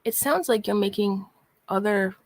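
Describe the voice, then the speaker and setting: A woman's voice: medium pitch, moderate pace, heavy background noise. A woman vlogger ranting in sarcastic, exasperated commentary, sighing and repeatedly calling out someone by name. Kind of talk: casual commentary rant.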